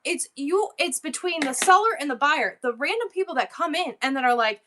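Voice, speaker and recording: A woman's voice: high-pitched, animated, brisk, few pauses, fairly bright tone. A middle-aged woman hosting a livestream sale, talking in a worked-up, rambling and emotional way. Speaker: livestream seller. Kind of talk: casual livestream chat.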